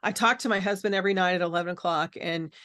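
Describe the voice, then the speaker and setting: A woman's voice: fairly low pitch, fast, a bit bright. A middle-aged woman telling a personal caregiving story as a podcast guest, earnest and reflective, with frequent fillers and restarts.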